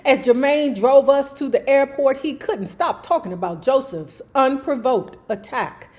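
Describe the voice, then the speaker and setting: High-voiced woman telling a story. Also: unhurried. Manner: animated, profane, slangy, acts out quotes. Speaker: YouTube storyteller. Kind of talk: casual storytelling commentary.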